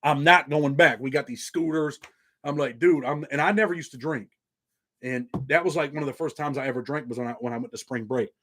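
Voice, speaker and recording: A man's voice: medium pitch, quick pace, fairly bright tone. Casting note: forties male vlog host, New York native with a slight country twang, laid-back and streetwise. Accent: slight Southern country twang. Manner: laid-back, streetwise, drops "man" constantly. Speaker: channel host. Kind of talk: casual monologue to viewers.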